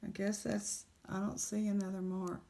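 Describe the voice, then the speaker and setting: A woman, casually chatting in a jewelry vlog, excited and exclaiming in shock. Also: mid-range voice, moderate pace, creaky. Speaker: jewelry unboxing vlogger.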